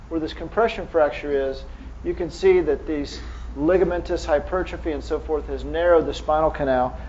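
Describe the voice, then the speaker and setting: A man's voice: fairly high pitch, darkish tone, muffled recording, a little hiss or hum. A man giving a conversational medical lecture as a neurohospitalist, quizzing the audience with frequent restarts.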